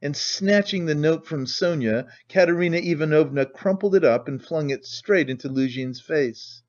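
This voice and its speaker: A man narrating a classic novel as an audiobook in a measured, dramatic reading. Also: fairly high pitch. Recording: dull lo-fi recording.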